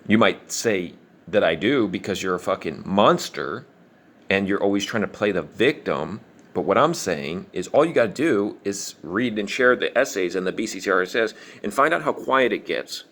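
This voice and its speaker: A man with a fairly low voice rants in an angry monologue. He swears often and hammers his points in a combative, preachy way. He pushes through his lines fast and insistently. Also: lively intonation, a bit bright. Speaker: online commentator.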